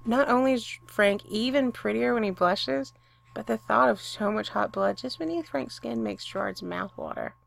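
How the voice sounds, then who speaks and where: A woman reading a romantic story aloud with expressive storytelling. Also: a little high, normal speed, gravelly. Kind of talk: reading fan fiction aloud.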